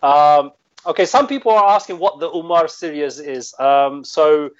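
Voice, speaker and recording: A man's voice: a little high, normal speed, no echo. A man co-hosting a casual live-stream chat, rambling with many hesitant fillers. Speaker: co-host. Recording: dull, muffled audio.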